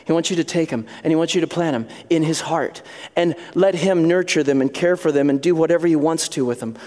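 A middle-aged pastor preaches with an animated delivery, breaking into little acted voices and scenes. His voice sits a bit high for a man, and a long reverb trails his words through the hall. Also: brisk. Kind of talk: sermon.

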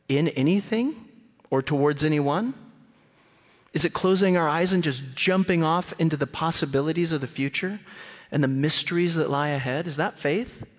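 Animated preacher man in a reverberant hall. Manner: animated, acts out quoted voices with big pitch jumps. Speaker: guest preacher. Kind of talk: sermon.

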